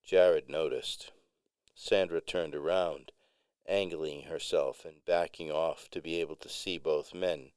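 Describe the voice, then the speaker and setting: Male storyteller, measured narration, low pitch, dry booth-like sound. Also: steady tone, a little mellow, clear, resonant tone, no echo. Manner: measured, unhurried.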